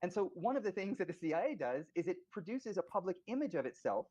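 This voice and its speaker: Fast-talking academic man. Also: sits high, sing-song, a little mellow, highs cut off. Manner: measured, academic, with filler "uh". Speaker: interviewed scholar. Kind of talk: lecture-like interview answer.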